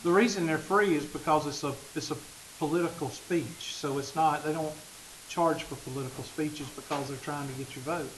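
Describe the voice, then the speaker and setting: A man's voice: fairly high pitch, moderate pace, a little hiss or hum, poor audio. A man, a math teacher talking casually and joking with his class in a classroom. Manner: joking, folksy, talks straight to the class.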